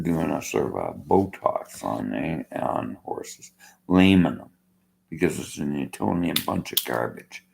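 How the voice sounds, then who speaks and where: An older Canadian man with a very deep, gravelly voice and slurred-sounding speech rants rambling to camera as a vlogger. His tone is bitter and argumentative.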